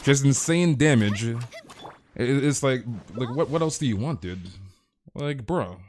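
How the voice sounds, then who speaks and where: A man streaming a game, ranting casually in an excitable voice, stammering, repeating words and swearing often. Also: mid-range voice, a little slow. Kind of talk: casual live-stream rant.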